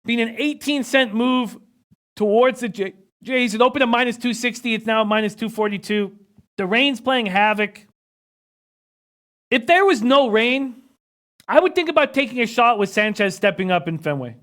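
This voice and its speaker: A man with a fairly high voice hosts a live betting stream, running through odds, averages and line moves. He talks quietly and close to the mic, and he keeps the numbers coming fast. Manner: rapid stat-heavy rundown, reads out chat comments. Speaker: sports betting analyst.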